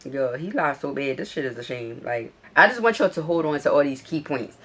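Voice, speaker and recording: A young woman, casually telling a storytime to her viewers at home, profane and animated, addressing them directly. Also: sits low, a little fast. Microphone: iPad camera.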